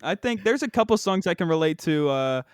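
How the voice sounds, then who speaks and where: A man's voice: on the high side, expressive, fairly quick, clear, resonant tone, no room sound, studio quality. A young man hosting a casual podcast, rambling with many fillers, saying "bro" a lot and laughing often. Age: young adult. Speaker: podcast host.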